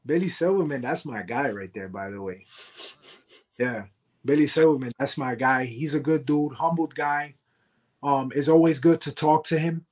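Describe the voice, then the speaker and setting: A man's voice: medium pitch, moderate pace, darkish tone. A man, a wrestling heavyweight champion, talking trash as a podcast guest. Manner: cocky trash talk. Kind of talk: podcast interview.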